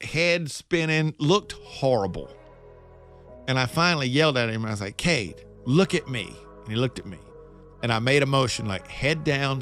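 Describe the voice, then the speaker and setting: Middle-aged male radio host, mid-pitched, chatty storyteller, faint music bed behind. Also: no echo, studio quality. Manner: storytelling, animated and self-joking. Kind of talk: casual monologue.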